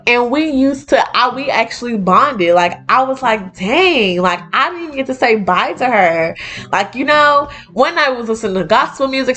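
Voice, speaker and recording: A young woman hosting a podcast, telling a personal story in a casual, animated way and acting out the voices of the people she quotes. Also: mid-range voice. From United States. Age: young adult. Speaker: podcast host.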